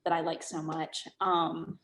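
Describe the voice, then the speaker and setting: A woman gushing over her fellow players after a tabletop game, halting often with fillers. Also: low voice, flat delivery, a bit bright, echoey room. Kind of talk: casual post-game feedback.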